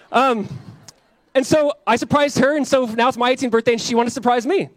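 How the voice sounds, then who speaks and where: A young male pastor preaching a sermon with animated, self-mocking storytelling. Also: very high-pitched, quick pace, no room sound. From Southern California.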